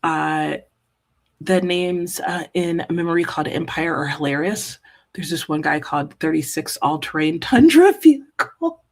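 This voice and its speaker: A livestream host with a low-pitched, expressive voice hosts a live reading stream at a moderate pace. She chats casually and reads out viewers' comments, sprinkling in frequent "ooh"s and "uh"s.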